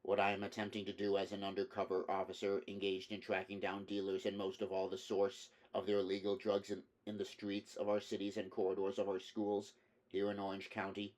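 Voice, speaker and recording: A man voicing an undercover male officer who delivers a rote speech with measured pauses. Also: sits low, monotone, a little mellow, close to an everyday voice. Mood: oratorical.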